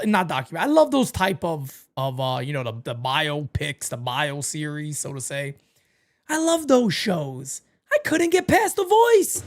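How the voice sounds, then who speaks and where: Streaming a baseball watch party live, a woman chats in a loose, profane way. Between energetic bursts, she drops into low mutters.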